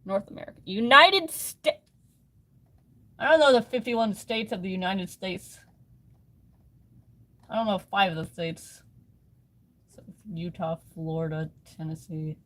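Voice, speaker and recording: A woman's voice: on the low side, normal speed, pauses often. A woman chatting casually on a live stream, rambling and laughing at herself, recorded on a phone. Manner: rambling, self-mocking, often laughing.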